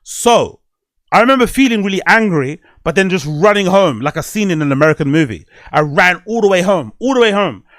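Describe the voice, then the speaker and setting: A man's voice: sits high, expressive, fairly quick, a bit bright, no echo, studio quality. Candid man rambling on a podcast. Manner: candid, rambling storytelling with frequent swearing and fillers. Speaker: podcast host. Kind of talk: casual podcast monologue.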